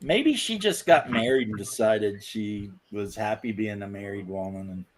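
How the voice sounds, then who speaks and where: A man's voice: on the low side, lively intonation, moderate pace. A man teasing his friends wryly during a casual chat. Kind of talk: casual banter among friends.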